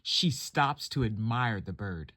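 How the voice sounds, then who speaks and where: A woman telling a joke aloud, animated and acting out the voices. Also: rumbling low, slow, no room sound, clean studio sound. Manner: animated storytelling with acted voices. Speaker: joke teller.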